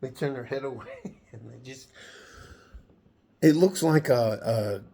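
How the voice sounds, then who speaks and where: A man's voice: mid-range voice, takes it slowly, gravelly, dark tone. A man telling a story to the camera in a rambling, casual way, laughing often and swearing now and then. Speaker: vlogger.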